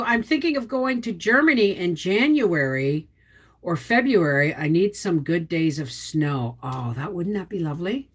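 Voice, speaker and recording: Unhurried and expressive, her voice sits on the low side with a slightly rough edge. This middle-aged homestead channel host from Quebec, Canada casually chats on a livestream, reading comments and naming viewers.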